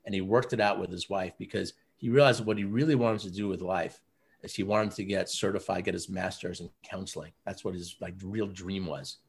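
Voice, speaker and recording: Earnest low-voiced man telling stories. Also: steady tone, a little fast, vocal fry, slightly rough. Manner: earnest, storytelling, many fillers like "you know" and "like". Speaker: men's coaching program founder. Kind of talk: casual interview talk.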